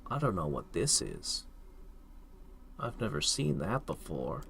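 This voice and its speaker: A man's voice: on the low side, very animated, unhurried, creaky, fairly bright tone, a little hiss or hum. A man casually thinking aloud as he plays a strategy game, reacting to each turn. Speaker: gameplay streamer. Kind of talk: casual let's-play commentary.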